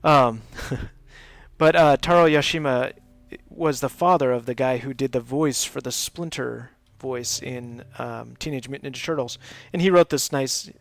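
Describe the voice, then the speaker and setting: A man's voice: medium pitch, vocal fry. A man chatting casually while streaming a building game, laughing often and filling his talk with lots of ums. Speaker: live gaming streamer.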